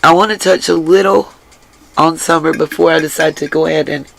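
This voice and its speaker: A woman hosting a casual livestream and reading the chat aloud, drained, her voice rough from crying, earnest and emphatic and given to repeating herself. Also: low voice, steady tone, brisk, no room sound, low-quality recording. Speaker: livestream host.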